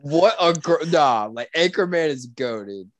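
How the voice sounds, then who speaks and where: A young man co-hosting a podcast in casual chat, animated and swearing freely, with sudden loud outcries. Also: fairly high pitch, unhurried, no echo. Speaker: podcast co-host.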